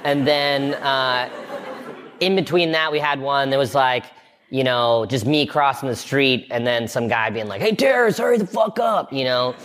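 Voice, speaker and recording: Man telling animated, laughing stories. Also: medium pitch, a little slow, some chatter behind. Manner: animated storyteller, acts out quoted lines, laughs often. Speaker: guest, comedian and show creator. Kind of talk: casual interview chat.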